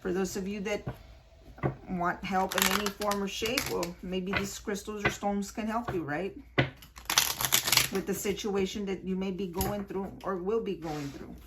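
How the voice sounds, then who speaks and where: A woman's voice: mid-range voice, steady tone, measured pace, very noisy. A woman doing a casual spoken tarot reading, talking straight to her viewers and repeating her points earnestly. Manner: repetitive, earnest, addresses viewers directly. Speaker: tarot card reader.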